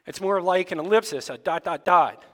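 Animated high-voiced male pastor preaching. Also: moderate pace, long reverb tail. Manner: animated, rhetorical questions to the congregation. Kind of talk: sermon. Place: church sanctuary.

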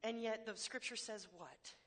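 A woman's voice: fairly high pitch, moderate pace, fairly bright tone. A woman preaching a sermon to a congregation in a church hall, candid and emphatic, with self-deprecating humor and repeated words for stress.

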